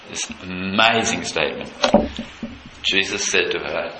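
A male preacher giving a sermon, retelling a scene with passion, dropping low and quiet and then leaping high with excitement. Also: a little slow. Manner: impassioned, leaps from low intimacy to high excited pitch. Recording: echoey room with faint noise.

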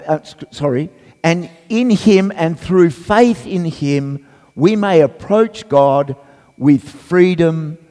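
A man with a croaky voice giving a sermon as a guest preacher, hesitant with fillers, then reading scripture and praying with fervour. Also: on the high side. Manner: hesitant, many fillers, then rises into loud fervent reading. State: croaky voice from a cold. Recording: long church reverb.

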